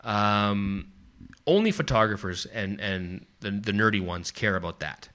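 A Canadian man with a slightly low voice hosts a podcast in loose, casual chat. He rambles and restarts his sentences often. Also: expressive, unhurried, bright, forceful tone. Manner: rambling, with many restarts and fillers. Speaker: podcast host.

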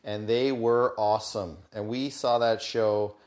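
A man, likely a father in his thirties, co-hosting a casual podcast, easygoing with short replies and halting when he explains things. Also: lowish voice, steady tone, a little mellow. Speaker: podcast co-host. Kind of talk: casual chat.

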